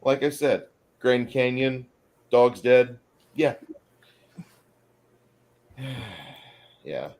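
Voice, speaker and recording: A man's voice: medium pitch, sing-song, very slow, pauses often, darkish tone. A man hosting a casual movie chat online, joking and bantering with his viewers. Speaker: host.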